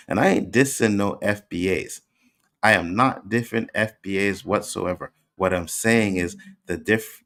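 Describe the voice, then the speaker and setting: A man with a low, deep voice and a Canadian accent touched with Jamaican slang, hosting a livestream. He answers his chat emphatically, hammering the same points again and again. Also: a bit bright. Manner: emphatic, repeats points, argues back. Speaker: host. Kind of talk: livestream commentary reacting to chat.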